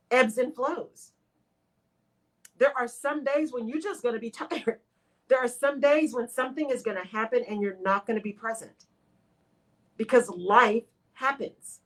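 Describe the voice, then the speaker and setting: A woman with a lilt hosts a motivational radio talk. Her voice sits a little high, and she talks straight to her listeners in an expressive, animated way. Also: rough recording. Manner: expressive, talks to listeners as "y'all", acts out her own inner voice. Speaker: radio show host.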